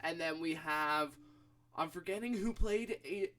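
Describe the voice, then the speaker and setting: A young man co-hosting a casual podcast chat, animated and thinking aloud with fillers as he goes. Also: fairly high pitch, a little slow, a little hiss or hum. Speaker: podcast co-host.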